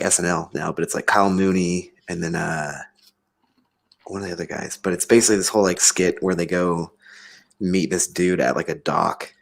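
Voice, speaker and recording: Deep-voiced man rambling in chat. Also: gravelly. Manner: rambling, amused. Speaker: podcast co-host. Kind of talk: casual chat.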